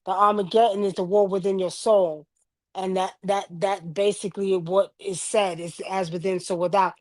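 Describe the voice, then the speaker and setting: Woman in her 50s preaching to her livestream viewers, earnest and chatty, dry close sound, mid-pitched voice. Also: flat delivery, normal speed, darkish tone, no echo. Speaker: livestream host. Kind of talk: casual spiritual teaching on a livestream.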